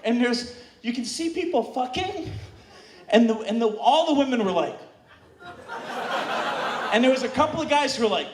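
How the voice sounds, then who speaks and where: A man telling a bawdy story live on stage to an audience, animated and shouting out quoted moans. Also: very high-pitched, normal speed, pauses often. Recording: distant, roomy live recording with crowd noise.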